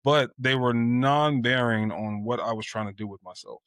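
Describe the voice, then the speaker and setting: A man's voice: mid-range voice, normal speed, fairly bright tone, dry recording, studio quality. A man in his twenties telling a personal story candidly on a podcast, full of "you know" fillers. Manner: candid and reflective, with filler phrases. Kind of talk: casual storytelling.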